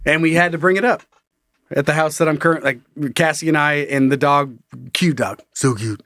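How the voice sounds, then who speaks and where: A man co-hosting a podcast, telling profane stories with lots of energy and bursting into shouted mock voices. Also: on the high side, moderate pace, dry recording, studio quality. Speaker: podcast co-host. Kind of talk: casual comedic chat.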